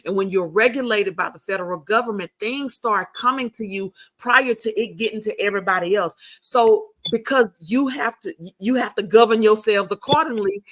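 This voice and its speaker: A woman's voice: medium pitch, normal speed, hardly any pauses, fairly bright tone. A middle-aged woman, hosting a podcast and telling a heartfelt story in a casual chat, full of restarts. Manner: emotional storytelling with many restarts. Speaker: podcast host.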